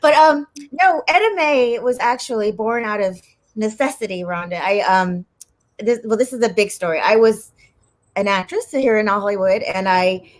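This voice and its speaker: A woman talking as a guest on a chat show, telling a long story in a rambling, animated way and laughing often. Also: mid-range voice, moderate pace. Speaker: guest actress and comedian. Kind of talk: casual chat.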